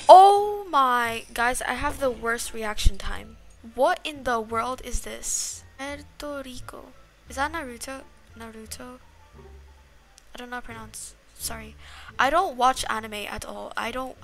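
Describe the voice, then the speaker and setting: A young woman giving casual, dramatic gameplay commentary to her viewers. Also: a little high. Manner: dramatic, excitable, talks to viewers as y'all. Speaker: gaming YouTuber.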